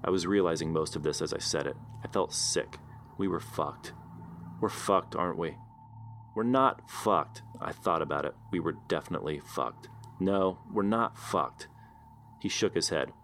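A man narrating a first-person story in a wry, understated, deadpan way. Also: deep voice, moderate pace, soft background music. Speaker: audiobook narrator.

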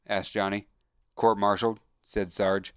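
A man reading a story aloud in a measured, somber way. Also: on the low side, steady tone, no echo. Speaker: narrator. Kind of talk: audiobook narration.

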